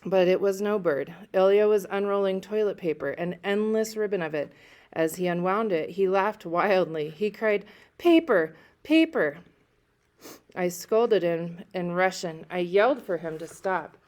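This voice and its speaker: A woman teacher reading a novel aloud to students and pausing to discuss it, checking in as she goes. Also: fairly low pitch, darkish tone.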